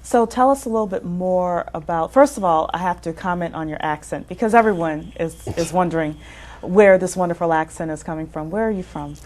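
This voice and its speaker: A woman's voice: on the low side, brisk, a little mellow. A woman hosting an interview show, opening with a scripted welcome and then prompting her guest with questions and frequent mm-hmms. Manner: scripted intro, frequent mm-hmm backchannels. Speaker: show host.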